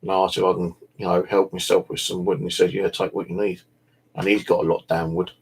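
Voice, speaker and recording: Low gravelly man, rambling. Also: flat delivery, fast. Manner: meandering, full of "you know" and "like", swears casually. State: tired. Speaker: bushcraft vlogger. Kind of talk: casual rambling chat.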